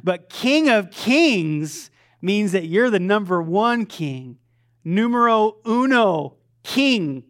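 A man's voice: sits high, big pitch swings, slow pace. A man preaching a sermon as a pastor. He talks conversationally, makes self-deprecating remarks, often restarts his sentences, and quizzes the congregation. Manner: asks the congregation questions.

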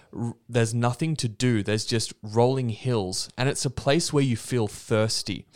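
A man speaks earnestly about faith on a studio podcast. His voice sits in an ordinary middle pitch, and he reflects with loose fillers and restarts. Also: smooth. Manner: earnest, preachy, fond of "you know" and "um". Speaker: podcast co-host. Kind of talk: casual faith discussion.

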